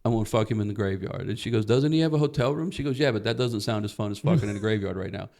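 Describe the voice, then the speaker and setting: On a comedy podcast, a guest comedian tells a long story at a very fast clip, his fairly low, gravelly voice full of swearing. He's animated, acting out the other people in the tale as he quotes them.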